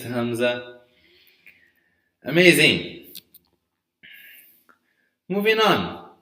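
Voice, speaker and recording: A male English teacher leads a live online vocabulary lesson at a very slow, careful pace. He keeps checking in with his listeners, and his pitch swings widely from word to word. His voice rings out in a noticeably echoey room. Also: a bit bright. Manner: slow, patient, often checks with "okay?". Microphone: live stream mic.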